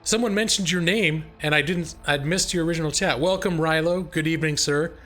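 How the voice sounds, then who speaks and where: Joking middle-aged male streamer, slightly high voice. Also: a little fast, fairly bright tone, faint music behind. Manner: joking, laughs often, talks to chat. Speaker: live-stream gaming host. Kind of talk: casual live-stream chat.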